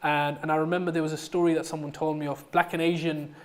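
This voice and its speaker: A man's voice: a little high, flat delivery, quick pace. A man giving a public lecture, telling stories emphatically with frequent ums and uhs. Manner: storytelling, emphatic, frequent fillers. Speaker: guest lecturer.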